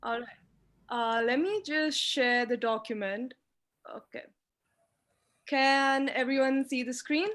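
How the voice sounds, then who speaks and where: A woman's voice: high-pitched, slow pace, pauses often, a bit bright. Emphatic woman giving an online lecture. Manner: emphatic, instructive, talks with hand gestures. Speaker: guest speaker teaching mooting. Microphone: video call.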